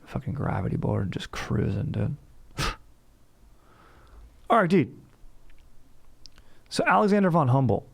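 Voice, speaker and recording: A man's voice: medium pitch, very animated, unhurried, vocal fry, long pauses, slightly rough. A young man hosting a casual storytelling podcast, hyped and slangy, swearing casually and saying dude constantly. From Orange County, California. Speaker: podcast host.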